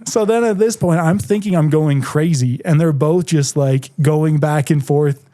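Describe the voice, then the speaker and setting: A man in his twenties, a podcast guest telling stories in casual chat, animated and full of "like" fillers. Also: on the high side, measured pace. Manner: animated storyteller, heavy "like" filler.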